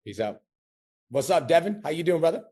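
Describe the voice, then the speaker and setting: A man's voice: on the high side, lively intonation, a little fast, warm tone. A man coaching a client on a call, blunt and profane, giving a pep talk with rising intensity. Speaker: business coach.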